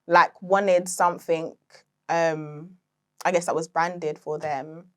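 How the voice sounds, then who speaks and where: A woman's voice: deep voice, little pitch movement, slow, fairly bright tone. A young woman guest telling stories in a casual interview, chatty and full of fillers, laughing often. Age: young adult. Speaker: podcast guest, interior decor founder.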